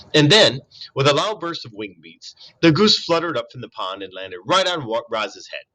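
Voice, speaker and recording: Man reading a chapter book aloud, very lively pitch, bright tone, occasional self-corrections. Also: moderate pace, rough recording. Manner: expressive read-aloud with small slips and self-corrections. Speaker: storybook reader. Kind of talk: reading a children's novel aloud.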